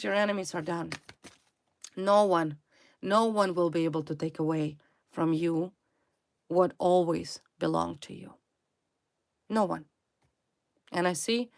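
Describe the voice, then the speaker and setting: A woman's voice: on the low side, creaky. A woman giving a tarot reading to her viewers, stressing her points by repeating single words. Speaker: tarot reader.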